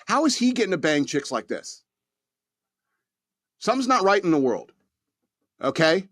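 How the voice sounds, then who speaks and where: A man's voice: high-pitched, very animated, moderate pace, fairly bright tone, no echo, clean studio sound. A man hosting a podcast, rambling through a crude, mock-angry comedic rant and laughing at his own jokes. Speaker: podcast host.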